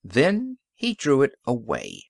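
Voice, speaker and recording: Man, audiobook narrator, steady storytelling, lively pitch, dry close recording. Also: slow, vocal fry, no echo. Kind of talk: scripted narration.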